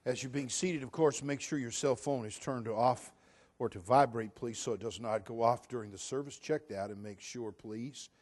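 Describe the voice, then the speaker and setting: A man's voice: medium pitch, moderate pace, darkish tone. A man preaching a sermon to his church, telling a story in a conversational way. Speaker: pastor. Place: church sanctuary.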